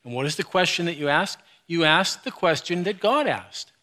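Bright, animated male preacher. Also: normal speed. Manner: animated, swings from low and quiet to loud and high. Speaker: pastor. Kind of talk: sermon.

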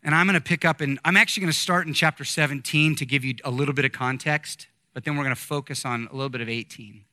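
A man in his forties preaching a conversational sermon, reading scripture and adding lively asides to his congregation. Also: fairly high pitch, quick pace, hardly any pauses, no echo, clean studio sound. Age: 40s. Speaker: pastor.

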